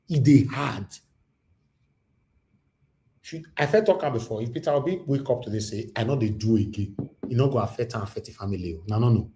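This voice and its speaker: A Nigerian man hosting a livestream, talking to callers and mixing in Pidgin, growing loud and high-pitched when worked up. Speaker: livestream host. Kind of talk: livestream talk.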